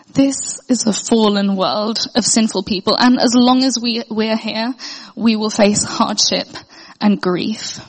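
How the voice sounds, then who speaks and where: Earnest young Englishwoman in a reverberant hall. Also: on the high side. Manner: hesitant, many fillers and restarts; earnest, heartfelt. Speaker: speaker sharing a testimony. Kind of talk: personal faith testimony.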